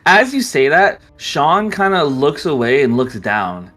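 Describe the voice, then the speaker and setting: A game master narrating a tabletop game, loose and chatty, with lots of fillers. The voice swings widely in pitch. Faint music plays underneath. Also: big pitch swings, unhurried, a bit bright. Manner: rambling, filler-heavy narration.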